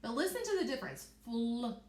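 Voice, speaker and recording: A young woman teaching a reading lesson to young children, slowly stretching out letter sounds and praising them often. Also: a little high, animated, fairly bright tone. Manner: encouraging, repeats words for children. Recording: echoey room.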